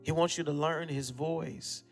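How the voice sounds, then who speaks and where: A high-pitched male pastor with a gravelly edge preaches emphatically, leaning on repetition and sudden hushes. His voice rings out in a long-reverb hall with soft music underneath. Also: steady tone, measured pace. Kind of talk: sermon.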